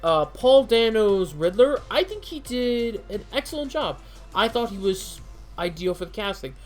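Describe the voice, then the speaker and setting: Casual movie reviewer, mid pitch, swears a lot and stumbles through likes and you knows, light music faint in the back. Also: big pitch swings, moderate pace. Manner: rambling, profane, lots of fillers and restarts. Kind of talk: casual unscripted film review.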